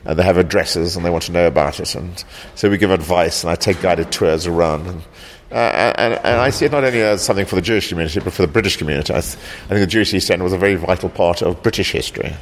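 A man born in South Africa, founder of a local heritage group, answering interview questions in a halting way, repeating words and often ending with "actually". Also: low-pitched, a little hiss or hum.

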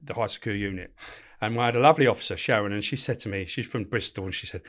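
Blunt, swearing middle-aged storyteller. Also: male voice, lowish voice, fast. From England. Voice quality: blunt, swears freely, animated anecdotes. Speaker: podcast guest, former prison officer. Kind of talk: casual storytelling interview.

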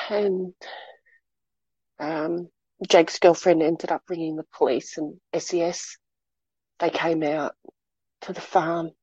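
Aussie woman, lowish mellow voice, dry dull lo-fi sound, halting retelling. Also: steady tone, slightly rough, no echo. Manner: halting, repeats words while recounting. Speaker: interview guest. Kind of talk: personal story told in an interview.

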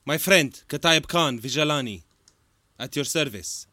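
A pushy adventurer swears his way through his demands, as a man puts him on. The voice is bright and fairly high, sounding dry and close, with faint music behind it. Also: lively intonation, a little slow, no room sound. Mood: insistent. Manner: forceful, swearing, insistent. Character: forceful, foul-mouthed male adventurer.

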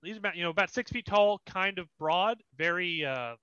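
A man running a tabletop game as dungeon master, describing scenes with pauses and fillers. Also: high-pitched, expressive, sharp tone, clean tone, no room sound. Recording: slightly muffled dry recording.

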